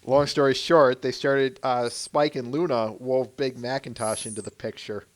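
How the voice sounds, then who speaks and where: A man's voice: mid-range voice, steady tone, normal speed. A man hosting a casual podcast, recapping things in a rambling way with many restarts. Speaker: podcast host.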